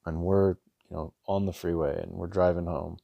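A man's voice: low voice, level tone, normal speed, gravelly, no echo, muffled recording. A man in his thirties hosting a podcast, telling a family story in an earnest, rambling way with restarts and lots of "like". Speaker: podcast host, father. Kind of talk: casual storytelling monologue.

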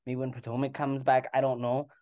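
A woman co-hosting a podcast, chatting casually in a relaxed, reflective way. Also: extremely low pitch, fairly quick, lo-fi sound. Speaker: podcast co-host. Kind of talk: casual chat.

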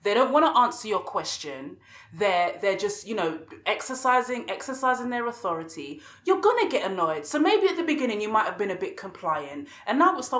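A woman's voice: medium pitch, sing-song, brisk, fairly bright tone. A woman, a podcast guest speaking passionately and repeating words as she gets worked up. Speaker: podcast guest, radio show host. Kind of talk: conversational interview. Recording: roomy echo.

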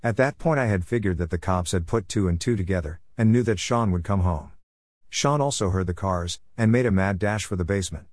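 A man narrating a first-person story in a measured, somber way. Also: deep voice, a little mellow, no room sound, studio quality.

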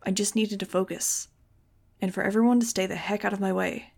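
A woman reading a novel aloud in the first person, with steady, expressive storytelling. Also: medium pitch, a little fast, creaky. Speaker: audiobook reader.

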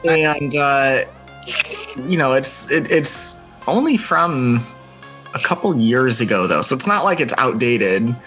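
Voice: medium pitch, animated, takes it slowly, a bit bright, faint music behind. A podcast co-host in casual chat, reading things aloud and dropping wry jokes. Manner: wry, joking asides.

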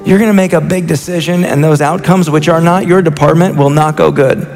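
A man's voice: on the high side, steady tone, fairly quick, darkish tone. A man in his thirties preaching a sermon as a senior pastor, earnest and impassioned, often restarting his sentences. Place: church sanctuary. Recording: reverberant church hall with faint music.

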